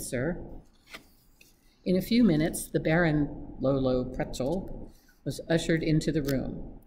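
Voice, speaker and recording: A staff reader narrates a classic novel aloud in a steady, measured delivery. The voice is mellow and low in brightness, at an ordinary pitch. A faint hiss runs behind the recording. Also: poor audio. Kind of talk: audiobook reading.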